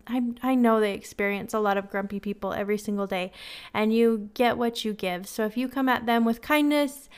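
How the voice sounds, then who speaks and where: Chatty woman hosting a podcast, smooth voice. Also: fairly high pitch. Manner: chatty, candid, self-deprecating; gives friendly advice. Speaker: podcast host. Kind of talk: casual storytelling podcast.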